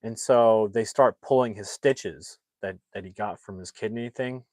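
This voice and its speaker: A man's voice: on the low side, measured pace, dry recording. A man hosting a livestream, casually retelling a film's plot in a rambling way with many restarts and acting out the characters' lines. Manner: animated, acts out the characters' lines. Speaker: movie reviewer and livestream host.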